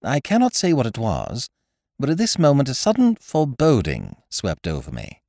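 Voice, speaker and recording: A man narrating a story in an expressive, animated reading on a close microphone. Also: medium pitch, moderate pace, creaky, dry recording. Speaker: podcast narrator.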